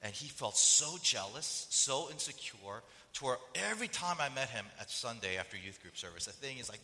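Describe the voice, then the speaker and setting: A pastor delivers a conversational sermon, telling stories in an animated way and acting out the voices of the people in them. His mid-range male voice moves at a moderate pace with few pauses. The sound has the feel of a big room.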